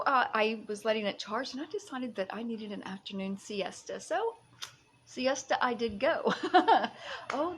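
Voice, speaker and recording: A woman's voice: a little high, fairly bright tone, slight background noise. A woman live-streaming a casual chat to her viewers from her home, bubbly and exclamatory, often breaking into giggles. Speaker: livestream vlogger. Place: at home in Fiji.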